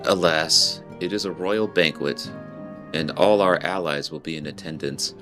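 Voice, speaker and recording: A man reading the lines of a solemn young noble scholar from a game, in a formal, measured way. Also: rumbling low, music in the background. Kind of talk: reading game dialogue aloud.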